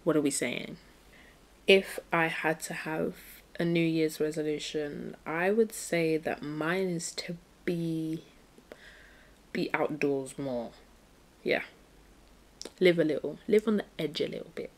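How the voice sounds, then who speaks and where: A young woman chats to her listeners in a loose, playful way, full of slang and little sung asides. Her voice sits on the lower side for a woman. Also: steady tone, takes it slowly, pauses often. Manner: chatty and playful, breaks into song and slang. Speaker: podcast host. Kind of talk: casual solo podcast chat.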